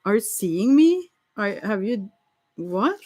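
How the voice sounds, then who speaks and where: Slow, giggly woman, musing aloud. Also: mid-range voice, very animated, dark tone. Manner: giggly, stammering, restarts often. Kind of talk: casual rambling monologue.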